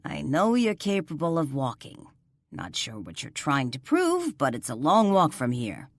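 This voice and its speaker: A woman's voice: extremely low pitch, normal speed, dry recording, studio quality, heavily acted. A woman doing a patronizing police sergeant. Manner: patronizing, calm, firm. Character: stern gruff male police sergeant.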